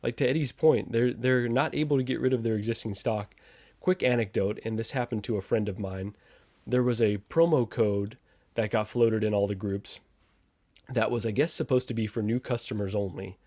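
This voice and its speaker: A man's voice: fairly low pitch, fairly even intonation, normal speed, darkish tone, no room sound. A man hosting a casual livestream chat, reading out viewer comments and trading sarcastic jabs with a laugh. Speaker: podcast host reading live chat.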